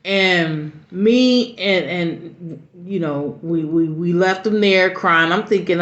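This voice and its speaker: A middle-aged mother telling a personal story in an earnest, halting way with many restarts. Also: fairly low pitch. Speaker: mother sharing advice. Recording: roomy, dull lo-fi recording.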